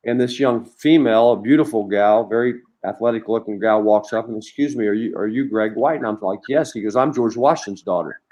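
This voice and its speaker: A man's voice: fairly low pitch, brisk, hardly any pauses. A middle-aged man, a former college basketball coach, telling long anecdotes as a podcast guest with lots of restarts. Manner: rambling, animated anecdotes with many restarts. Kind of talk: storytelling in a conversation.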